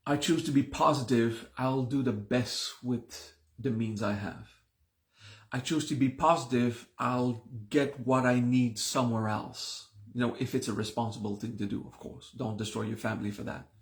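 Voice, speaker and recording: A man's voice: medium pitch, steady tone, normal speed. A man teaching a spiritual class in a conversational way, repeating himself and restarting his sentences. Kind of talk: live-streamed class talk.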